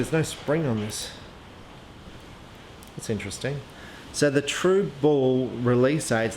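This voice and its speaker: A man talks through a piece of archery gear in a relaxed, unscripted way, often pausing on "um" and restarting his sentences. His voice sits at an ordinary middle pitch. The room rings with echo, and there is a faint hum of ambient noise behind him. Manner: chatty, hesitant, lots of ums and restarts. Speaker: archery equipment reviewer. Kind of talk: casual product review, thinking aloud.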